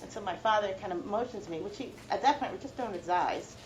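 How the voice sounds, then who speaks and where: A woman's voice: mid-range voice, fast, a little hiss or hum, low-quality recording. A middle-aged woman, a law professor, giving a heartfelt, reflective personal lecture to students.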